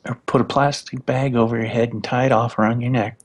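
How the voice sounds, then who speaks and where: A man's voice: medium pitch, fairly even intonation, quick pace, husky. A man playing in an online tabletop game, making dry, wry remarks. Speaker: player. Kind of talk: casual game chat.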